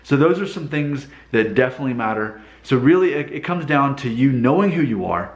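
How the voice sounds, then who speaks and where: A man's voice: mid-range voice, lively intonation, a little fast, highs cut off. A man giving unscripted advice to the camera, talking earnestly in a rambling way and often restarting his sentences. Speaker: vlogger giving dating advice. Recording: roomy echoey room.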